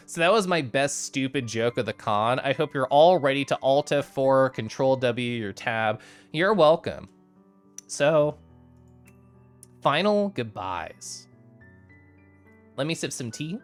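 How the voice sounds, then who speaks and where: A man's voice: medium pitch, lively intonation, unhurried, clear, resonant tone, faint music behind. A young adult man streaming, chatting casually with viewers and laughing often as he recaps a convention.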